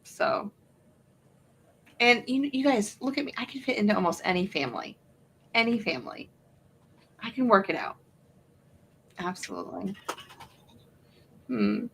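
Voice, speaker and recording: A woman's voice: medium pitch, animated, unhurried, gravelly, long pauses, fairly bright tone, slight background noise. A woman chatting playfully and telling a travel story. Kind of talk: casual chat.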